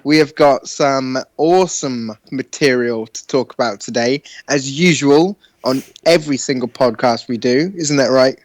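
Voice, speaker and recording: A man's voice: medium pitch, measured pace, hardly any pauses, dry recording. A man co-hosting a gaming podcast, telling a rambling, sweary story and laughing along. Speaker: podcast co-host. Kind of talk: casual storytelling chat.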